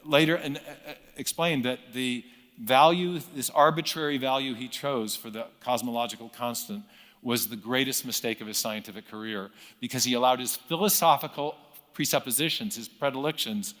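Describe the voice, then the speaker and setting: A middle-aged man calmly explaining science history, measured and lecturing, with frequent self-corrections. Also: mid-range voice, in a large hall. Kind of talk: recorded interview clip, storytelling explanation.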